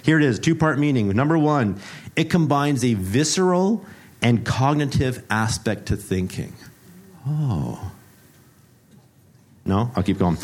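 Male pastor, mid-pitched voice, playful and teacherly, runs a sermon like a quiz game, repeats phrases for emphasis.

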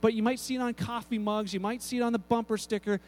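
A male pastor delivering a sermon, telling stories with lively acted-out voices and often repeating words as he goes. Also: extremely high pitch, fast talker. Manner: animated storytelling, acts out voices, frequent repeated words.

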